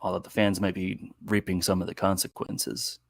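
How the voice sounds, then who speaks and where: Male co-host, lowish gravelly voice, hesitant, lots of restarts. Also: flat delivery, moderate pace, a crowd in the background. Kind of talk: casual sports chat.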